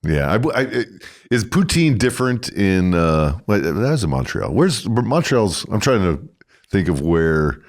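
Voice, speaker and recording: American podcast host, middle-aged, very deep and lively voice, teasing and halting. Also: male voice. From United States. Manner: teasing, halting, repeats words. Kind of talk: casual conversation.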